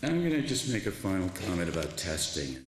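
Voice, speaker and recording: A man's voice: low voice, very animated, a little fast. A man in his seventies, an author and former teacher, giving a public lecture and telling stories in an impassioned way. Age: 70s. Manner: impassioned, tells stories with quoted dialogue. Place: large lecture hall with an audience. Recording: echoey hall, faint background noise.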